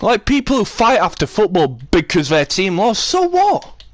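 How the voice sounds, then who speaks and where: A man's voice: sits high, expressive, normal speed. A man with a Sheffield accent, a livestreamer ranting at his chat, swearing and repeating himself. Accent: Sheffield English. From Sheffield, England. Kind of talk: angry rant to live chat.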